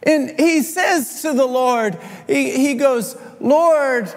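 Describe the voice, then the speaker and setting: A man preaching a sermon as a pastor, telling a story in an animated way and acting out the quoted figures. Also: very high voice, slow pace. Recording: long hall reverb.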